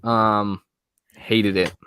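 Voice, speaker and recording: A man's voice: lowish voice, flat delivery, drawn-out words, bright, forceful tone, smooth, no room sound. Hesitant young man, dry close sound. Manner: hesitant, rambling, many fillers and "I don't know". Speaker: guest, movie YouTuber. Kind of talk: casual interview chat.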